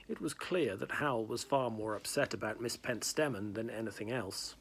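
Brief: man narrating a fantasy novel read-aloud, gravelly and husky, unpolished delivery with restarts. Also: mid-range voice, moderate pace, hardly any pauses, fairly bright tone. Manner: plain narration with small slips and restarts. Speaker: reader.

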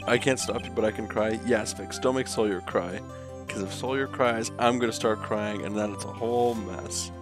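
A man's voice: on the low side, fairly even intonation, moderate pace. A man streaming a game live, chatting casually in a joking, playful way and swearing freely. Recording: music behind the voice.

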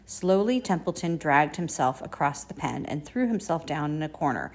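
A woman teacher reading a children's chapter book aloud in a gentle, measured way. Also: low voice, expressive, breathy edge. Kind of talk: storybook read-aloud.

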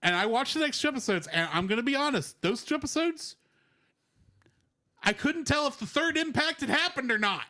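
A man's voice: very high voice, animated, a little fast, bright, forceful tone. A man co-hosting a podcast, asking questions and reasoning aloud through a plot point. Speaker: podcast co-host. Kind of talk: casual podcast discussion.

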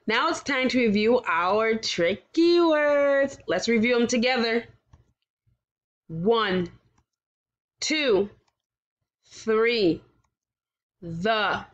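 Woman, kindergarten teacher, unhurried, clear, encouraging phonics lesson delivery. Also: mid-range voice, highs cut off. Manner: slow, clear, encouraging, sounds out letters and vowels. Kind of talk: recorded phonics lesson for young children.

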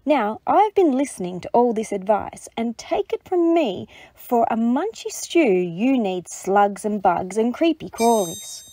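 A woman's voice: fairly high pitch, sing-song, a little slow, few pauses, mellow, no echo. A woman voicing a prickly, know-it-all male echidna in a storybook reading, bristling and bossy.

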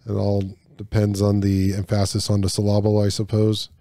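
A man's voice: fairly low pitch, completely flat delivery, normal speed, dark tone, no echo, studio quality. A man hosting a casual podcast, reading trivia questions aloud in a loose, joking way with stumbles and swearing.

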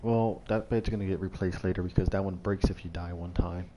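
A man's voice: sits low, fairly even intonation, a little fast, mellow. A man hosting his own gaming channel, giving casual commentary on a survival game with dry, wry asides. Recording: noisy home recording.

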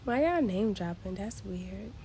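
A woman's voice: medium pitch, animated, a little slow, dark tone, a little hiss or hum. A woman from Queens, ranting bluntly and with exasperation on a casual phone livestream from home. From Queens, New York. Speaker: social media personality.

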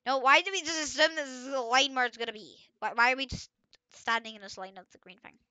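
A woman chatting through a video game, excitable and often bursting into startled screams as she talks to herself and the other players. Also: high voice, fast, no echo. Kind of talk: casual gameplay commentary.

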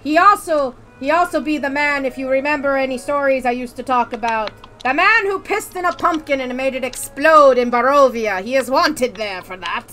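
Give me a high, bright-voiced woman joking around in mock pirate-speak while she plays a game. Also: moderate pace, hardly any pauses. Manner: mock pirate speech, jokey and profane. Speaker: streamer. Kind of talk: casual gaming chat.

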